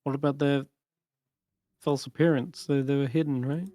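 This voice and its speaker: A man acting as game master, narrating a live tabletop game and thinking aloud with pauses as he runs the combat. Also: medium pitch, steady tone, mellow, no echo.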